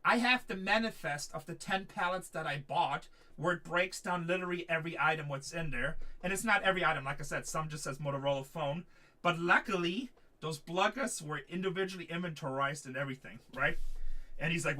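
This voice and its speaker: Bright-voiced man telling a story at a distance. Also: on the high side, brisk. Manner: animated, emphatic retelling with quoted dialogue. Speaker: card break host. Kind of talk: casual storytelling. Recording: voice a little distant from the mic.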